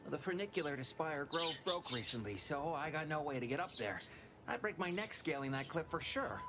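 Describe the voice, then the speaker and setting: An actor playing a scheming, talkative corporate underling with folksy salesman patter in a video game. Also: a little high.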